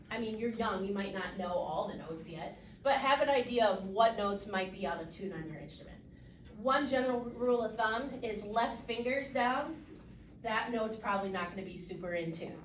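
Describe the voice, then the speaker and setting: A woman's voice: on the high side, recorded from a distance, a little hiss or hum. Woman coaching a band in an echoey room. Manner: casual, encouraging, lots of fillers and checks for understanding. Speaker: band clinician. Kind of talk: coaching a student ensemble. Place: rehearsal room.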